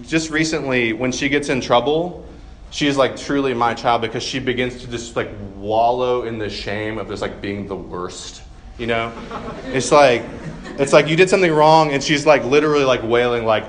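A man's voice: medium pitch, slight background noise. Casual, joking male preacher. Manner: conversational, self-deprecating humor with frequent fillers. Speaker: pastor. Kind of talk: sermon.

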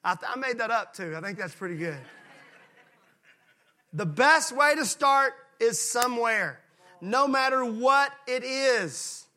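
A man from Mississippi, preaching a sermon with emphatic delivery that slows down to stress key points and drops into quiet voices when acting out folksy characters. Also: very high-pitched, animated. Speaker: pastor.

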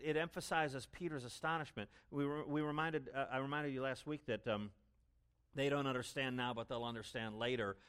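A man preaching an expository sermon as pastor, stressing words loudly and then dropping to low asides. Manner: emphatic, swings between loud stresses and low asides.

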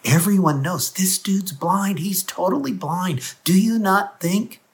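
A man's voice: high-pitched, a little slow, creaky, voice pushed up. A man playing puzzled, skeptical followers who speak casually and in disbelief. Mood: incredulous. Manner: incredulous, casual, slangy.

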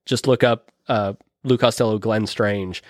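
A man's voice: fairly low pitch, steady tone, unhurried, no room sound, clean studio sound. A man chatting casually about old films, rambling with many restarts and plenty of enthusiasm. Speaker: podcast host or guest discussing films. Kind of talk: casual chat.

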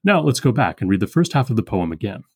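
A man hosts a poetry podcast and walks through a poem's meter in a precise, methodical way. His voice sits low and has a husky edge. He pauses to speak single lines slowly, like examples in a lecture. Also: big pitch swings, no echo, clean studio sound. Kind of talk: close reading and metrical analysis.

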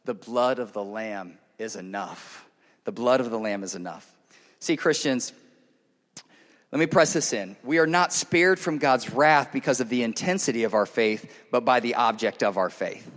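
A man preaching a sermon to his church, earnest and direct, moving between loud emphatic passages and hushed intimate ones. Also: medium pitch. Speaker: pastor. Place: church service. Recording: long reverb of a large hall.

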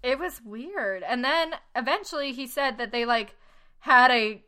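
A woman's voice: sits high, lively intonation, measured pace, pushed and bright. A young woman chatting casually as a podcast co-host, wry, mocking characters by quoting them. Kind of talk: casual chat.

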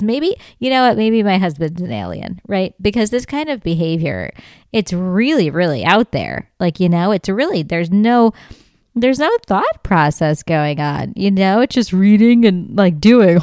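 Animated, swearing woman comic. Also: mid-range voice, moderate pace, smooth, dry recording, studio quality. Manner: animated, swears freely, laughs often, acts out quoted lines. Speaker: podcast host. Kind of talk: comedic storytelling monologue.

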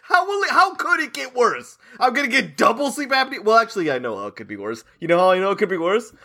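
A man's voice: sits high, very animated, quick pace, pushed and bright. A young man on a podcast, ranting in a self-mocking way, laughing and swearing often as he complains. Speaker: podcast co-host. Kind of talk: casual podcast banter.

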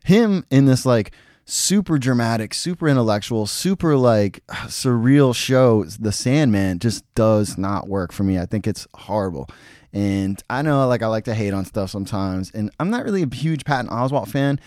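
Male podcast host, solo, low voice, dry close sound, blunt and profane. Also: expressive, moderate pace, a little mellow, no echo. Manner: blunt, opinionated, swears freely. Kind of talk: casual solo review.

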